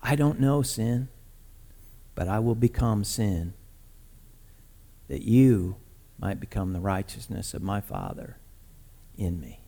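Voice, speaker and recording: A man voicing a calm, gentle grown-man teacher in a quiet, low, soft voice during a sermon re-enactment. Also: slow, vocal fry, long pauses, full character voice. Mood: gentle, hushed.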